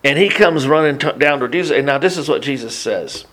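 A man preaching a Bible teaching in an animated, conversational way, often restarting his sentences and adding asides. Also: fairly high pitch, fairly quick. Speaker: pastor.

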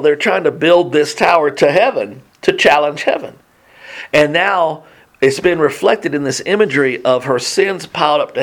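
Enthusiastic man talking through scripture. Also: on the high side. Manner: enthusiastic, reads scripture aloud then comments. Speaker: Bible teacher. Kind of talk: casual Bible study talk.

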